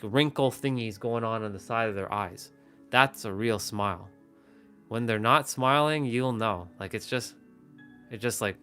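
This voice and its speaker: Man, live-stream host, casual rambling talk, bright tense voice, faint music behind. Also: mid-range voice. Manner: rambling, many restarts and fillers. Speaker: livestream host. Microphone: phone or webcam, facing camera.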